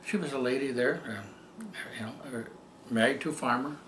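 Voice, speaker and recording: An older man telling a personal story as a testimonial, rambling and halting, with many fillers and restarts. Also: mid-range voice, fairly bright tone, reverberant, slight background noise. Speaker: patient giving a testimonial. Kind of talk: storytelling tribute.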